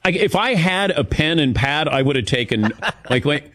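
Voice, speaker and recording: A man's voice: on the high side, normal speed, no echo. A man hosting a casual chat show, telling stories animatedly and calling on his co-hosts. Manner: animated storyteller, calls on co-hosts. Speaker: host.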